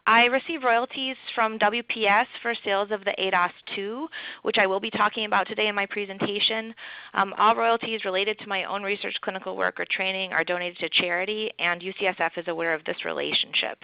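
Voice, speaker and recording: A woman's voice: mid-range voice, steady tone, brisk, gravelly, dry recording. A woman with a cough giving a webinar lecture, explaining her research with frequent ums. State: has a cough. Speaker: speaker presenting research. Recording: dull lo-fi webinar audio.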